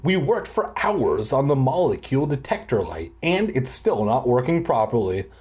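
A man's voice: medium pitch, very animated, normal speed, a little mellow, lightly acted. A man voicing an impatient, overworked scientist mother brushing off her child. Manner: impatient, clipped.

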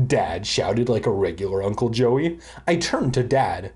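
A man's voice: medium pitch, animated, unhurried, few pauses, a little mellow. A young man giving a comedic reading of a children's book, breaking off for crude, irreverent asides. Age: young adult. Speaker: reader.

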